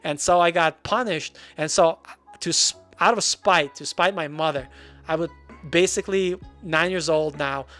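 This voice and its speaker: Casual live-stream host, man in his forties from Russia, slightly high voice, rambling, faint music behind. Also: moderate pace, a bit bright. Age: 40s. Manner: rambling, self-deprecating, filler-heavy. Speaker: livestream host.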